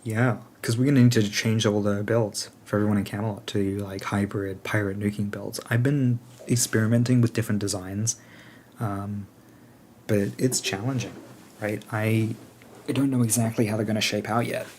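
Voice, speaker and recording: A man with a lowish voice talks through his plans in a loose, rambling way, pausing on "um" and "like" while he works out his answers. He speaks as a game alliance leader in relaxed, unscripted chat. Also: a little hiss or hum. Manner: rambling, thinks aloud with many fillers. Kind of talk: casual chat answering questions.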